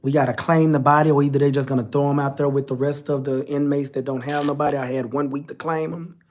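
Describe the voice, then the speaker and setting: A man's voice: a little high, level tone, fast talker. A man, telling a personal story to his viewers, candid and emotional, speaking to them directly. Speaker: vlogger.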